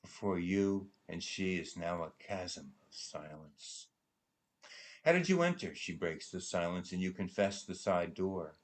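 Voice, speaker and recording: A man with a low, deep voice gives a measured reading of a prose poem. He lets phrases fall away into hushed, almost whispered endings, taking his time over every line. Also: fairly even intonation. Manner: hushed, trailing into near-whispers at line ends. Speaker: poetry reader at a benefit concert. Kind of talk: slow dramatic recitation of a prose poem.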